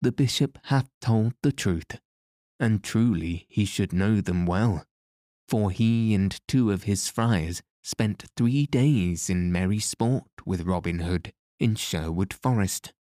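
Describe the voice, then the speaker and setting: A man's voice: fairly low pitch, takes it slowly, warm tone, no echo, clean studio sound. A man voicing an amused, gracious queen in a storybook reading, with archaic courtly speech. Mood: teasing.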